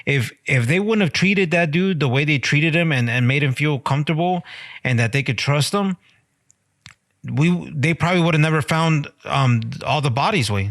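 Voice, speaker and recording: Brief: Mexican-American man, podcast co-host, slightly higher voice, blunt and casual. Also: fairly bright tone. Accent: Mexican-American English. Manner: frank, talks with "bro" and "way" fillers. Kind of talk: casual chat.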